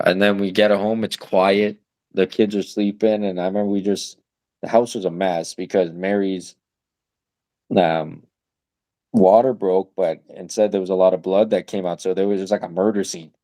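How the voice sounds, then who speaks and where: Low-voiced young dad, loose chatty storytelling. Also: male voice, steady tone, normal speed, warm tone, no room sound. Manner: loose, profane storytelling with lots of "like" and "man". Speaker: podcast co-host, new father of twins. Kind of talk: casual chat.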